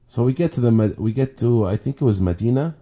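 A man casually telling a personal faith story, talking haltingly with restarts, repeated words and many fillers. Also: mid-range voice, animated, dark tone. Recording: clear background ambience noise.

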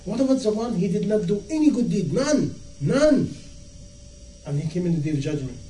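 Male preacher, high voice, mellow tone, impassioned rhetorical questions, distant mic in echoey room. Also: very animated, normal speed. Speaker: Islamic preacher. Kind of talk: sermon. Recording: echoey room, from far off, faint noise.

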